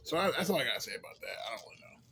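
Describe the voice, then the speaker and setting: A man's voice: medium pitch, very animated, racing, gravelly, pushed and bright, a little hiss or hum. A young man, a little tipsy from beer, talking loosely in a rambling vlog monologue with lots of slang, fillers and swearing. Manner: loose, profane, filler-heavy slang talk. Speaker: vlogger.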